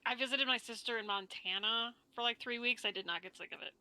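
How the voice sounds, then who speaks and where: A woman's voice: a little high, quick pace, pushed and bright, no echo, poor audio. A woman from Minnesota chatting casually as a player, laughing often and speaking with many fillers. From Minnesota, USA. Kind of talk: casual chat.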